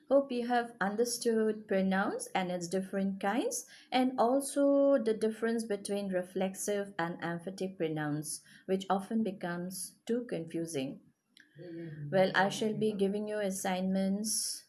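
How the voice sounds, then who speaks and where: A woman teacher explaining grammar to children, checking often that they follow. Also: medium pitch. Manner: lively, checks understanding often.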